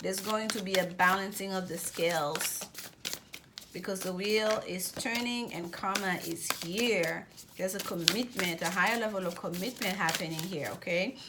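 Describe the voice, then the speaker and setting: A woman giving a general tarot reading, talking fast and often restarting and repeating words as she goes. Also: mid-range voice, very noisy. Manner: rapid, repetitive with many restarts. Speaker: tarot reader.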